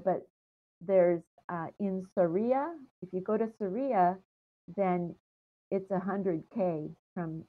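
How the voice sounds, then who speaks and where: An older American woman telling stories from her travels in an interview, meandering with many ums and trailing off softly. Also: lowish voice. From United States. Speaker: interview guest. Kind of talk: casual storytelling interview. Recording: tinny phone-like line.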